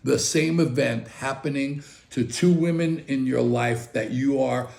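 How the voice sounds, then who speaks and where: Older guy spinning a story, gravelly voice, roomy echoey sound. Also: mid-range voice, a little slow. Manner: animated, chatty, repeats "okay?" often. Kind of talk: casual personal storytelling. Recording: roomy echo.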